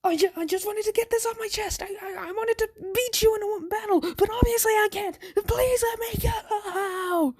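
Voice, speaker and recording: A woman voicing a terrified teenage boy rival who begs and stammers in a high, crying voice. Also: moderate pace, hardly any pauses, a little mellow. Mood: panicked begging.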